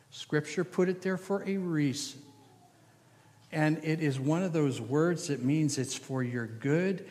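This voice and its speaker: A man preaching a sermon as a guest preacher, animated and folksy, with emphatic stress on key words. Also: a little high, normal speed. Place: church sanctuary. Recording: reverberant church hall.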